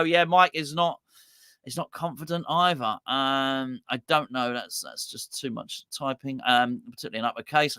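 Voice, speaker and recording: A man's voice: fairly high pitch, dry recording, clean studio sound. A man hosting a live fan show, chatting and joking as he reads out viewer predictions. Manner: chatty, jokey, lively, reading out names. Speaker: host of a fan channel.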